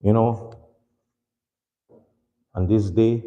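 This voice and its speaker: A man delivering a mourning sermon, telling a story slowly and with rising emotion after a quick recited opening. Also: fairly low pitch, steady tone, dark tone, dull audio. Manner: slow, rising, impassioned storytelling; opens with rapid recited Arabic formula. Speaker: speaker at a mourning gathering. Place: mosque hall. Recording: long reverb in a hall.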